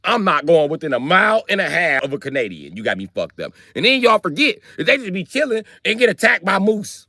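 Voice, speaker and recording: An American man with an American accent, ranting on a live stream in a loud, profane, animated way. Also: sits high, a little fast, few pauses, no echo, clean studio sound. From United States.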